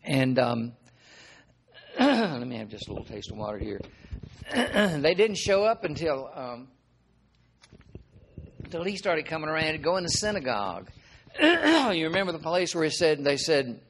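A middle-aged man preaching in a relaxed, conversational way, his voice sitting a little higher than most men's. He poses rhetorical questions to his listeners and keeps stopping to clear his throat. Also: a little slow, long pauses, slight background noise. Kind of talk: informal sermon.

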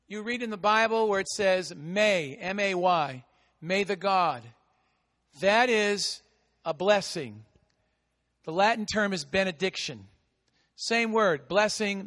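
A high, bright-voiced American pastor preaching with a big voice that jumps from fervent shouts to quiet asides. His words ring out with a long reverb through a church hall. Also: takes it slowly, pauses often. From United States. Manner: big voice that swings between shouting and hushed asides. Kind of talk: sermon.

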